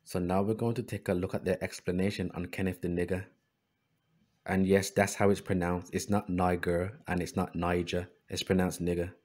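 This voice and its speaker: A man's voice: low-pitched, brisk. A man hosting a history channel, reading book excerpts aloud and adding sarcastic asides. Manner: reads passages in an even voice, then adds sarcastic asides.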